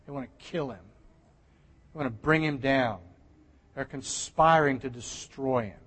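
A man preaching a sermon with emphatic, animated delivery that swings from loud stresses to hushed asides. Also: mid-range voice, measured pace, slightly rough. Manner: animated, emphatic preaching with sudden drops to near-whisper. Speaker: pastor. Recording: long hall reverb.

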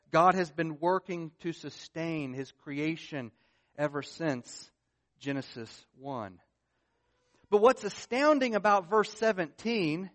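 A man preaching a sermon as pastor, stressing key words with rises and drops in voice. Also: fairly high pitch. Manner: emphatic, rising and falling with stress.

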